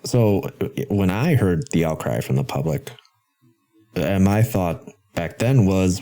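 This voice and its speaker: A man hosting a podcast about video games, ranting in an animated, sarcastic way. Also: deep voice, slow pace, gravelly. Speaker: podcast host. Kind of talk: casual game-commentary podcast.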